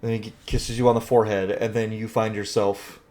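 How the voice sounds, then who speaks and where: A man narrating a tabletop game as game master, lively and quick to laugh. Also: fairly low pitch.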